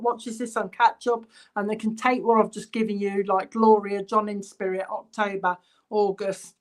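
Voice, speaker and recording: During an online church service, a woman who works as a spiritualist medium chats through spirit messages while reading live comments. Her voice is fairly high in pitch.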